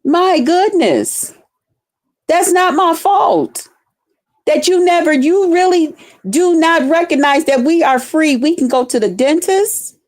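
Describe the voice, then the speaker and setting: A woman's voice: very high-pitched, slow, a little mellow. A woman streamer delivering an angry, profane, repetitive rant aimed at a rival.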